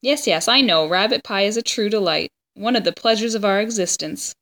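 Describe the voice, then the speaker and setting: A woman reading aloud puts on a huge, bearded wanderer from a storybook, gentle and genial. He talks in slow, formal, courtly phrases, lifted a little above her usual pitch. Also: lightly acted. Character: enormous bearded homeless man, gentle and courtly.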